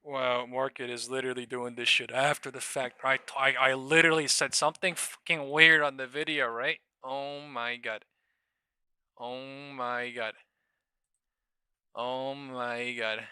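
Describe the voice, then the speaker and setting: A man live-streaming stock trading, talking to his viewers in a loose, profane, excitable way. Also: mid-range voice, measured pace, clear, resonant tone, no room sound. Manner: profane, excitable, laughs and shouts at market moves. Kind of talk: live-stream market commentary.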